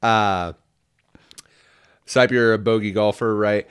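A Midwestern man with a fairly low voice trades jokes in casual podcast chat. The sound is dry and close, with no room echo. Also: steady tone, takes it slowly, a bit bright, clear, resonant tone. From American Midwest. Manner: joking, talks while drinking beer. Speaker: podcast co-host.

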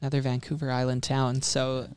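A man's voice: mid-range voice, completely flat delivery, brisk, a little mellow, clear, resonant tone, no echo. A man from Canada co-hosting a casual podcast as an upbeat interviewer, recorded aboard a ferry. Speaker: podcast co-host. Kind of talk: casual chat.

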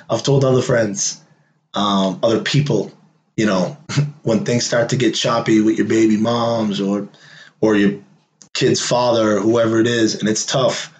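A man's voice: fairly low pitch, echoey room, slight background noise, low-quality recording. A man in his late thirties talking candidly in a casual personal monologue, loose and conversational, full of fillers and wry laughs. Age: late 30s.

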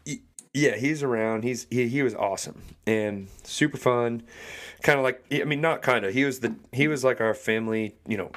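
Speaking at medium pitch and a moderate pace, this young adult podcast co-host relays a story in a laid-back way. He's animated, performing the quoted voices of the characters.

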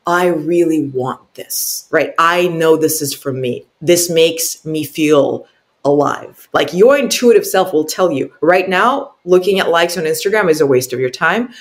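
In an interview, a woman who works as an intuitive coach speaks earnestly and emphatically, her voice sitting low yet animated. She keeps tacking on "right?" as a tag question and repeats words while she searches for the next one.

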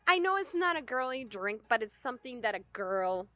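A woman hosts the chat with an animated, laughing manner. Her voice is high, bright, and very expressive in pitch. It is recorded close and dry. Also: dry recording. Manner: lively, animated, quick to laugh. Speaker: host. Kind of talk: casual chat.

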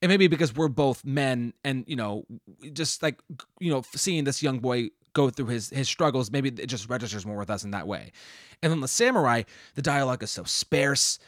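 A man's voice: mid-range voice, animated, moderate pace, a bit bright, no room sound, studio quality. A man co-hosting a film review podcast, chatting casually and rambling with many restarts. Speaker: podcast co-host.

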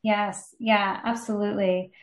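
A woman's voice: medium pitch, level tone, measured pace, roomy sound. A middle-aged woman, a podcast guest, telling a personal story earnestly with many fillers. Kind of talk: storytelling in an interview.

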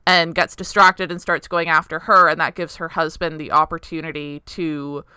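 Bright, smooth-voiced woman leading the recap. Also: deep voice, little pitch movement, normal speed, no room sound. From Canada. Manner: leads the recap, dry sarcastic asides. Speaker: podcast co-host. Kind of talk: casual chat.

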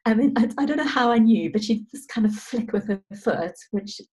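A woman in her thirties, a guest in a casual interview, talking gently about parenting and pausing often as she tells a story. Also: on the high side, expressive, rough recording. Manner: gentle storytelling with frequent pauses.

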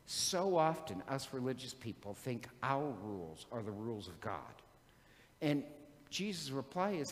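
Man, preacher, conversational sermon, humorous storytelling, middle pitch, long church reverb. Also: very animated, normal speed.

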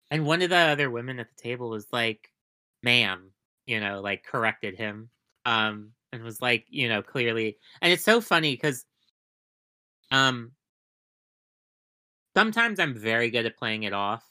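A woman chatting casually as a podcast guest, telling rambling, animated stories and swearing often. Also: extremely low pitch. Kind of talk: casual chat.

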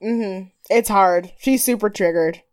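A woman co-hosting a podcast in casual recap chat, animated and often laughing, with a mild stutter. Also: medium pitch, measured pace. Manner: animated, laughing, mimics people in quoted voices. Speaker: podcast co-host.

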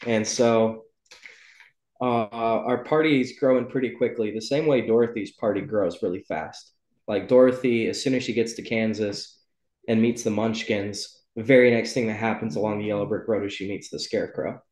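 Here the book club podcast host has a lowish, darkish voice, moving at a moderate pace with fairly even intonation. He chats casually and rambles, often saying um and correcting himself, and the recording carries a roomy echo.

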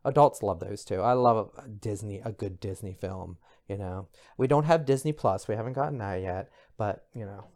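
A middle-aged man hosting a podcast, chatting in a gossipy, expressive way with bursts of high exclamation. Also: moderate pace, hardly any pauses. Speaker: podcast host. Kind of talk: casual pop culture commentary.

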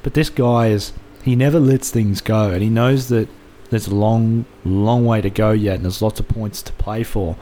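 A man with a lowish, mellow voice talks through his football opinions in long, earnest runs full of restarts. It is loose chat between friends. A faint hiss sits behind him. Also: steady tone, moderate pace, hardly any pauses. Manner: earnest, rambling, many restarts and fillers.

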